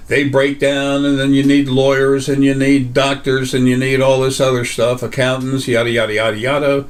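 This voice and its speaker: A man hosting a casual metaphysical talk, rambling with many fillers and restarts. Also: mid-range voice. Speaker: host.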